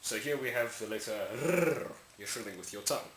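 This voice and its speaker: Casual male tutor, lowish bright voice, rambling, demos sounds; echoey room with faint hiss. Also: quick pace. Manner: rambling, self-correcting, demonstrating sounds aloud. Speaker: language tutorial maker. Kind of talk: casual explainer lesson.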